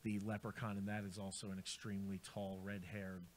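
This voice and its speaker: An American man chatting casually as a co-host, rambling and quick to laugh. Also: on the low side, little pitch movement, slight background noise. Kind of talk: casual radio chat.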